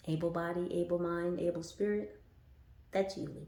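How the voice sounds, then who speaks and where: A woman's voice: lowish voice, normal speed, warm tone. A woman giving a casual tarot reading, playful and blunt, laughing, swearing and sometimes singing a line. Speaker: tarot reader. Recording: very echoey room.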